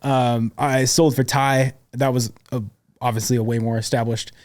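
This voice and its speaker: A man's voice: mid-range voice, little pitch movement, normal speed, darkish tone. A young adult man, a podcast guest, tells his sales career story in a casual, slangy way with plenty of swearing. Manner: slangy and profane, full of "dude" and "like".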